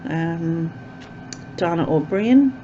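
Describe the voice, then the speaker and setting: A woman's voice: on the low side, expressive, extremely slow, background noise. A woman chatting casually as a vlogger, rambling with lots of fillers, recorded with dull, lo-fi sound. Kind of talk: casual chat to camera.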